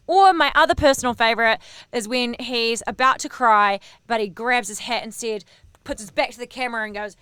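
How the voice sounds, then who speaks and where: Gossipy, animated woman podcaster. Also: a little high, fairly quick, clear, resonant tone, dry recording. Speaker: podcast host. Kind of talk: casual pop-culture podcast chat.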